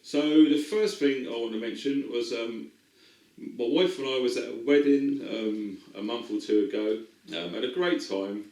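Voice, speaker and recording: A man's voice: medium pitch, unhurried, darkish tone, reverberant, far from the mic, rough recording. A middle-aged man telling a personal story to camera, chatty and rambling with lots of ums. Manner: rambling, many ums and restarts. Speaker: vlogger.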